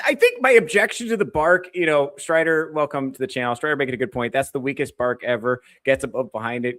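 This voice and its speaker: A man's voice: on the high side, fairly bright tone, no echo. A man hosting a comedy podcast, ranting with crude, sarcastic mockery. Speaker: podcast host. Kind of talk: comedic commentary rant.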